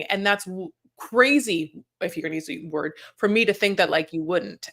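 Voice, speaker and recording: A woman's voice: on the low side, normal speed, gravelly, few pauses, sharp tone. A woman co-hosting a podcast in casual recap chat, sarcastic and chatty, acting out other people's lines. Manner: chatty, sarcastic, acts out cast members' lines. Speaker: podcast co-host.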